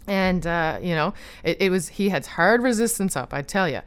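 A woman talking casually about her own life, earnest, with lots of fillers and restarts, growing animated when she retells disagreements. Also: on the low side, moderate pace, hardly any pauses, clear, resonant tone. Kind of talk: personal storytelling chat.

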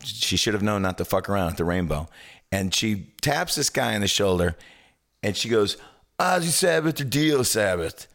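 A man co-hosting a casual music podcast, telling stories with many stammered restarts. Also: normal speed. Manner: animated storyteller, swings pitch wide, stammers on restarts. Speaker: podcast co-host. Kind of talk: casual chat.

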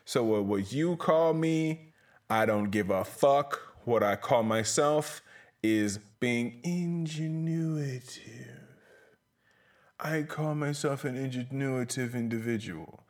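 A man hosting his own podcast alone, speaking from a small closet. He talks slowly and lets each thought wander, swearing freely and poking fun at himself. His voice sits in a middling pitch. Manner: profane, self-mocking, rambling. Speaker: podcast host. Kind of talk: solo rambling podcast monologue.

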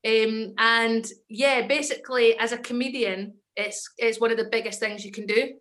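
A woman's voice: a little high, fairly even intonation, normal speed, fairly bright tone. A young Scottish woman, an actress and comedian, chatting as a podcast guest and telling stories with confident enthusiasm. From Scotland. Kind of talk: casual podcast chat.

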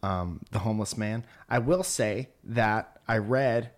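A man's voice: on the low side, a little slow. A man in casual chat who keeps making dry, wisecracking asides.

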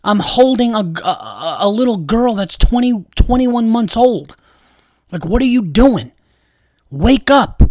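In a clean studio with no echo, a young adult podcast host rants slowly but animatedly, sounding exasperated, profane and repetitive. His voice is very high with a darkish tone.

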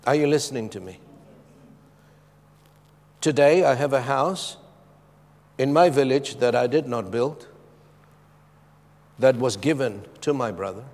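A middle-aged man preaching a sermon with a personal testimony, emphatic and moving between loud urgency and hushed tones. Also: medium pitch, a little slow, pauses often. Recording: long reverb of a large hall.

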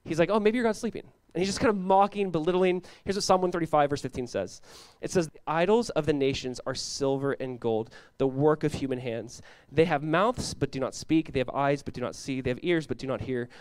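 A young man preaching a sermon as pastor, casual and animated, peppered with "like" and quick laughs. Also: fairly high pitch, no room sound.

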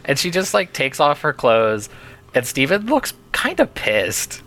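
Animated man chatting on a podcast. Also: fairly high pitch, a little slow. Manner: animated, laughs often while talking. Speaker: podcast co-host. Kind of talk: casual chat.

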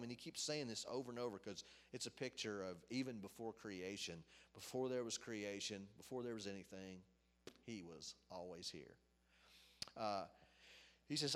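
A man's voice: fairly low pitch, moderate pace, fairly bright tone. A middle-aged man giving an informal sermon in a conversational, rambling way, with asides and restarts. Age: middle-aged or older. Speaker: preacher. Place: office. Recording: long hall reverb.

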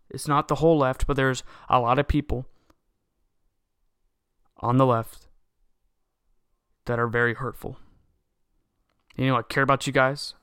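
A man's voice: medium pitch, fairly bright tone, smooth, dry recording, studio quality. A man hosting a podcast, delivering an indignant, heated political monologue that keeps circling back to the same complaints. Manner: heated, indignant, repetitive ranting. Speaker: podcast host.

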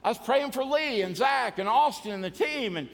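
Fiery preacher, high voice. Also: male voice, moderate pace, vocal fry, long reverb tail. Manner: energetic, shouting and singing to the congregation. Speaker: pastor. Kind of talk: sermon. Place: large church hall.

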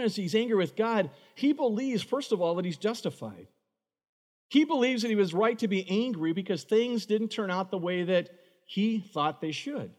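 A man preaching a sermon as pastor, emphatic, acting out quoted prayers in his own voice. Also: high-pitched. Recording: reverberant hall.

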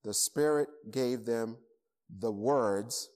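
A man's voice: mid-range voice, slow, a little mellow. A man with a Boston accent preaching a sermon, stressing points by repeating words. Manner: emphatic, repeats words for emphasis. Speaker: pastor. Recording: long hall reverb.

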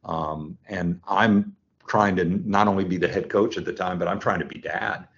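A man's voice: sits low, fairly even intonation, moderate pace, fairly bright tone. A man in his sixties, a football coach, telling his story in an earnest, reflective way as an interview guest. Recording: dull lo-fi sound.

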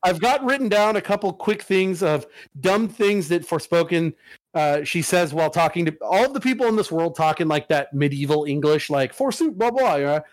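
A man's voice: a little high, normal speed, no room sound. A man hosting a casual podcast chat, rambling and profane, with many restarts.

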